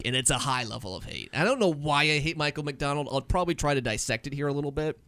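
A man's voice: a little high, animated, quick pace, few pauses, bright, forceful tone, soft background music. A man co-hosting a casual podcast, joking and laughing as he tells odd news stories, sometimes putting on voices for the people in them. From New England. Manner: jokey, laughing, puts on voices for quotes. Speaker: podcast co-host. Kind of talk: casual chat.

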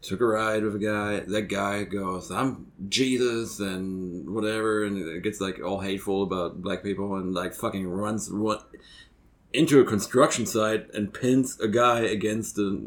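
A man's voice: lowish voice, a little slow. A man co-hosting a podcast, telling a story in a rambling way with many restarts. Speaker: podcast co-host. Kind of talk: casual podcast chat.

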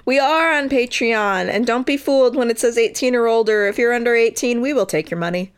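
A woman's voice: fairly high pitch, fast talker, clean tone. A young woman co-hosting a podcast in casual, chatty talk, often filling her sentences with "like". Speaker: podcast co-host. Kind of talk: casual chat.

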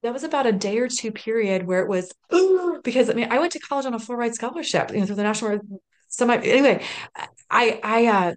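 A woman in her thirties telling her own story in an interview, with a voice that sits a little high for a woman. She talks in an earnest, emotional way, restarting her sentences often, and at times she comes close to tears. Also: animated, quick pace. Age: 30s. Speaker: podcast guest.

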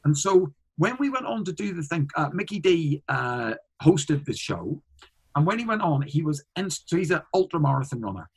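A man's voice: fairly high pitch, very animated, normal speed, breathy edge, poor audio. Rambling man telling a story. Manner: rambling, frequent restarts and fillers. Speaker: guest, comedian. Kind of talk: casual interview storytelling.

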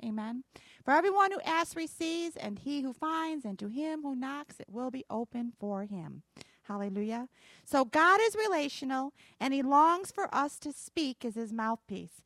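Woman, pastor, sermon, folksy storytelling, emphatic, high voice, dry recording. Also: animated, moderate pace, a bit bright, no echo.

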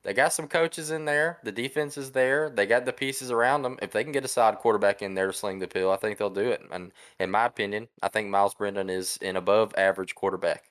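A man's voice: fairly low pitch, quick pace, hardly any pauses, a bit bright. A young man co-hosting a sports podcast, laid-back and joking in a casual chat. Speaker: podcast co-host.

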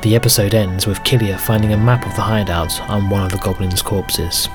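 A man narrating a solo tabletop game as game master, with steady, even storytelling. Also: lowish voice, fairly quick. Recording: music bed under narration.

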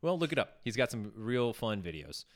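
Low-voiced rambling man chatting. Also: big pitch swings, normal speed. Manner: rambling, filler-heavy, swears, laughs often. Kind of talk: casual chat. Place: near Pasadena.

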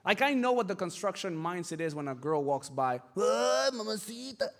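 Animated high-voiced male preacher. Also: brisk. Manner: animated storytelling with acted voices; emphatic, rising to shouts. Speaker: pastor. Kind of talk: sermon.

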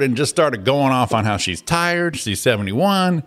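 Animated, ranting male radio host. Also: medium pitch, unhurried, few pauses, soft background music. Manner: exasperated, profane storytelling with animated quoted voices. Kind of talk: casual ranting chat.

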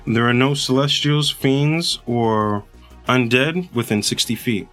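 A man with a bright, forward voice runs a tabletop game as game master. He explains the action in a brisk, conversational way, with faint music underneath. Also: mid-range voice.

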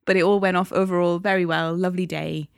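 A woman's voice: fairly low pitch, flat delivery, fast talker, creaky, no room sound. Chatty woman, dry sound. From England. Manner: chatty, emotional storytelling. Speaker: podcast co-host. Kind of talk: casual chat.

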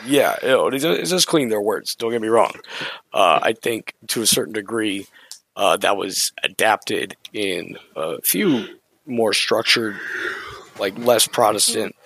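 Gravelly-voiced man in casual Bible talk. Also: fairly low pitch, expressive, a little slow, a bit bright, no echo, rough recording. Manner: conversational, reads scripture aloud with shifting inflection. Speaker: podcast co-host. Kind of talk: casual Bible study discussion.

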